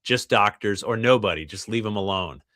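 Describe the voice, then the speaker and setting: A man's voice: fairly low pitch, normal speed, bright, forceful tone, no echo, studio quality. A middle-aged man, a guest author, chatting casually on a podcast and often laughing as he talks.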